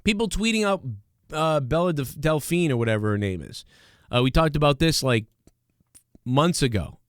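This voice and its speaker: A man's voice: fairly high pitch, lively intonation, moderate pace, clear, resonant tone, no room sound. A young man hosting a podcast, ranting casually with lots of swearing, fillers and restarts. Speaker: podcast host. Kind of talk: casual comedic rant.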